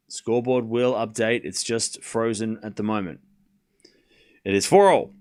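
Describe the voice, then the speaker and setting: A man hosting a live tennis watchalong stream, calling points play by play with casual joking asides and shouting on big moments. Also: fairly low pitch, measured pace. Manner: excitable, shouts on big points, chatty and joking between rallies.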